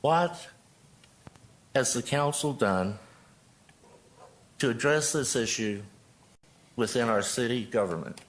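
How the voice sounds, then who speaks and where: A man's voice: medium pitch, slow pace, pauses often. A man in his sixties from Joplin, a pastor giving a prepared, earnest statement at a city council podium microphone. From Joplin, Missouri. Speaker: pastor speaking at public comment.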